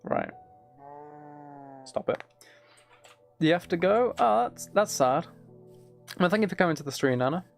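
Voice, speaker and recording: A man's voice: sits high, animated, unhurried, gravelly, long pauses, soft background music. A man chatting casually with his live-stream audience while he plays a game, rambling, joking and teasing viewers.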